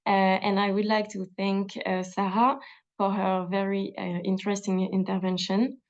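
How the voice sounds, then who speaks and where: A woman with a French accent giving a webinar presentation as a government official, measured, with frequent hesitations and restarts. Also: medium pitch, little pitch movement, muffled recording. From France.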